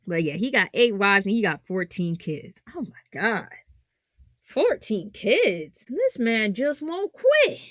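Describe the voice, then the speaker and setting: A woman hosting a casual anime analysis podcast, joking and animated, swinging from loud exclamations to low muttered asides. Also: no room sound, clean studio sound. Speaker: podcast host.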